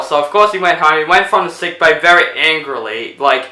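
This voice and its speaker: A man's voice: on the high side, expressive, brisk, sharp tone, echoey room, rough recording. A man casually retelling a movie plot as a reviewer, rambling with lots of fillers. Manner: rambling, full of fillers like 'basically'.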